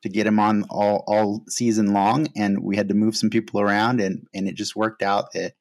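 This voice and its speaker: A man hosting a podcast in casual chat, relaxed and hesitant, with frequent fillers. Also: on the low side, moderate pace. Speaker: podcast host.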